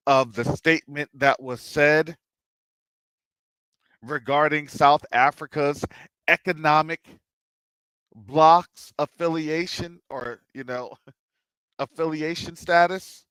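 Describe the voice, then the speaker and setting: A show host with a medium-pitched, slightly bright, clear and resonant voice offers political commentary on a discussion show, recorded with no echo. He fires off rhetorical questions, repeats them, and drops into asides.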